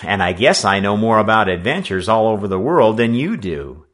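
Man reading eager young lad, bit higher, lively. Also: normal speed. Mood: retorting. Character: eager teenage boy on a sloop.

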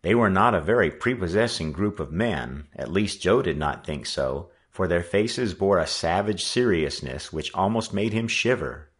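A man narrating an adventure story as an audiobook reader, with an animated reading manner. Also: deep voice, normal speed, few pauses.

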